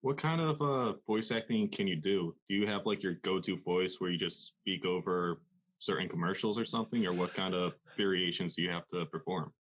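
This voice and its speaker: A man with a low voice hosts a casual podcast interview. He asks his questions loosely, with fillers and pauses. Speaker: podcast host.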